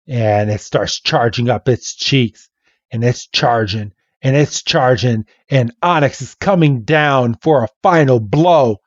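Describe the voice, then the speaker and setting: Slow-paced man retelling a comic. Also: mid-range voice, no echo, dull audio. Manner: animated, playful storytelling. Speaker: podcast host. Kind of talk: casual comic recap narration.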